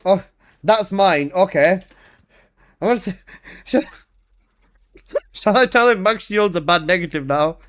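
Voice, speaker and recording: A man with a notably high voice runs a live game stream, chatting in loose, excitable banter. He teases and swears freely, repeating himself while riffing on in-game trades. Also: unhurried, long pauses. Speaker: gaming streamer.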